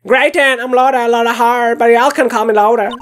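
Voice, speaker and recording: A woman's voice: a little high, fairly even intonation, fairly quick, a little hiss or hum, natural voice. A woman voicing a brash, nosy country woman photographer with a put-on Southern US drawl, folksy and scolding, in a game playthrough. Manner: folksy, scolding, heavy twang.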